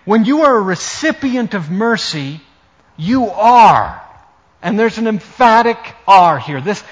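A man preaching a sermon as pastor, emphatic, swinging between loud stressed words and quiet asides. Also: high-pitched, expressive, normal speed, muffled recording.

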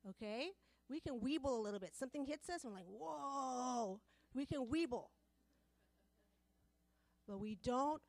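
A woman's voice: a little high, no room sound. A woman preaching a sermon to a women's group, passionate and repetitive, building in volume as she presses her points.

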